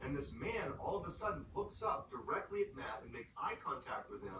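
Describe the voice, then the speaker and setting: A man's voice: a little high, sing-song, a little fast, roomy sound, recorded from a distance, noisy background. A man narrating scary true stories in a dramatic, suspenseful way. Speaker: storyteller.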